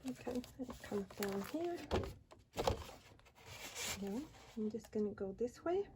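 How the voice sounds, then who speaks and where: Folding and cutting paper in a laid-back tutorial, a woman counts aloud and chats along the way. Her fairly high voice is expressive and slow, and the audio picks up noise and handling clicks.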